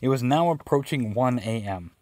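A man's voice: mid-range voice, expressive, normal speed, a little mellow, dry recording. Man telling a story, dry close sound. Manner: wry, conversational recounting. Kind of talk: casual storytelling narration.

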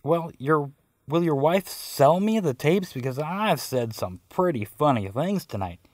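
A man voicing a teenage boy prank caller who taunts in a deadpan way. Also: on the high side, unhurried, dry recording. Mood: taunting.

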